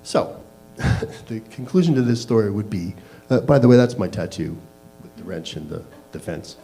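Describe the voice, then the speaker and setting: A man's voice: lowish voice, expressive, normal speed, creaky, dark tone, faint music behind, rough recording. A man telling a candid personal story to a live audience, laughing at himself as he goes. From Canada. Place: small live venue.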